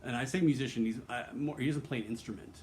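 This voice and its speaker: A man's voice: medium pitch, quick pace, slight background noise. A man talking straight to camera in a rambling, candid personal confession, earnest and emotionally open, swearing freely and restarting his sentences often. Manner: candid and profane, full of restarts and fillers. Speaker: vlogger.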